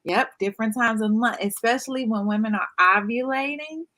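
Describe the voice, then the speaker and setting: Higher-pitched woman guest, animated. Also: brisk. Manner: animated, explaining with confident emphasis. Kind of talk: casual chat.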